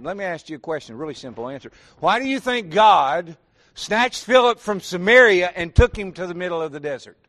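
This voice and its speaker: A man preaching in a Southern accent, his voice sitting high for a man. He teaches in a folksy, homespun way, throwing questions at the congregation and calling them "y'all." He sounds middle-aged. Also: a bit bright. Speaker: pastor. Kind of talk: sermon.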